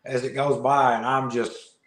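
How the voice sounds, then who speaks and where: Animated male storyteller in a roomy room. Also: mid-range voice, unhurried. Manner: animated storyteller, laughs often, repeats words. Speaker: podcast guest, fishing video creator. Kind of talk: casual storytelling interview. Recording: roomy echo.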